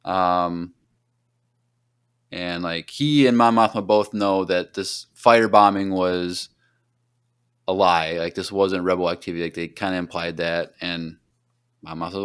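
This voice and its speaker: Sitting low in pitch with a clean tone, a podcast host's voice moves at a measured pace with long pauses. He chats casually through an episode recap, rambling and leaning heavily on "like" and "um."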